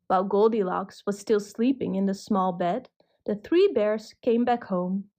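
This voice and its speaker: A woman narrating a children's cartoon story in a gentle, measured way. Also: mid-range voice.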